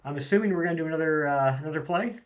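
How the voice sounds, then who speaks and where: Man, live-stream host, relaxed casual chat, slightly high voice, answers chat as he plays. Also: rapid-fire, lo-fi sound. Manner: easygoing, reads chat aloud and answers it.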